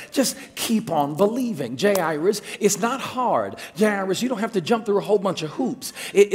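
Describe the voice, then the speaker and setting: A man with a high voice preaches in a church auditorium, hammering his point with repeated phrases and restarts. His words ring out with a long reverb trailing behind them. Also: a little mellow. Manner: repetitive, emphatic exhortation with stammered restarts. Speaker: pastor. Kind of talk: sermon. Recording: long reverb of a large hall.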